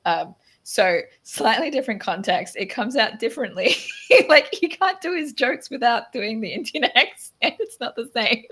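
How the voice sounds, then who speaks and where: A woman's voice: on the high side, lively intonation, moderate pace, a bit bright. An Australian woman hosting a casual chat, talking loosely with many restarts and laughing often. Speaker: podcast host.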